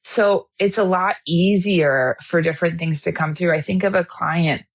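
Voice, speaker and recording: A woman's voice: on the low side, normal speed. A woman co-hosting a podcast who gives intuitive readings, talking in an earnest, enthusiastic way. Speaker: podcast co-host and intuitive reader. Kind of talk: casual chat.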